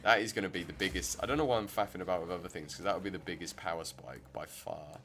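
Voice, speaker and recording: A man's voice: low-pitched, quick pace, background noise. A man giving rambling, chatty commentary while streaming a game. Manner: rambling, self-interrupting, chatty. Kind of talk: casual gameplay commentary.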